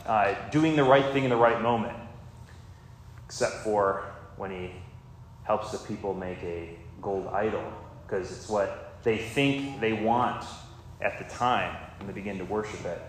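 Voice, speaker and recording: A man giving a conversational, loosely rambling sermon with plenty of asides. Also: fairly low pitch. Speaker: preacher. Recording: very echoey room with faint ambient noise.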